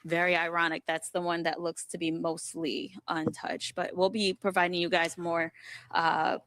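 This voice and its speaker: A woman field reporter giving a live news report outdoors at a storm-wrecked site, sympathetic and steady. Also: on the low side, moderate pace, no echo.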